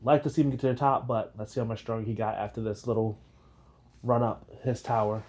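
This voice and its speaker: Mellow-voiced man, reaction host, rambling and jokey. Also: steady tone, fairly quick. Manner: jokey, rambling, laughs in high bursts. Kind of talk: casual chat.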